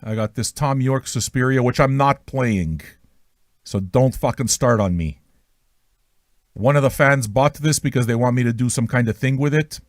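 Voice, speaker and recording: This livestream host has a mid-range voice at normal speed, captured dry at studio quality. He greets listeners of his online music radio show with rambling, profane banter, crude jokes, and self-mockery.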